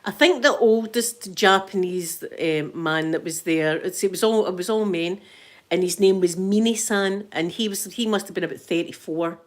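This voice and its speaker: A woman's voice: on the low side, moderate pace. A middle-aged Scottish woman chatting on a livestream, telling stories with lots of restarts and laughs. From Scotland. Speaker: livestream host. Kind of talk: casual chat reading live comments.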